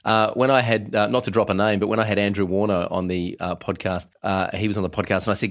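A man's voice: lowish voice, level tone, fast, hardly any pauses. An Australian man hosting a podcast, introducing and interviewing a guest in an upbeat, friendly way. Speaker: podcast host.

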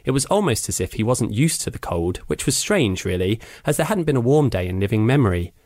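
A man narrating a children's adventure book with measured, dramatic pacing. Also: medium pitch, sing-song, a little mellow, no room sound. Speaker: audiobook reader. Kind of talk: storybook narration.

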